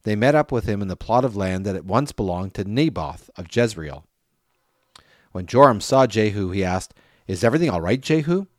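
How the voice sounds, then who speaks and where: A man reading a Bible passage aloud at a steady pace, with an occasional restart on a name or phrase. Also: fairly low pitch, normal speed, dry recording, clean studio sound. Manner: steady reading, lifts voice for quoted speech. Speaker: scripture reader.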